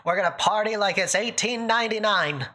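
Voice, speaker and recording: A woman's voice: mid-range voice, brisk, pushed and bright. A woman voicing a chipper old-time radio host in a mid-Atlantic accent, with a theatrical announcer lilt. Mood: rowdy.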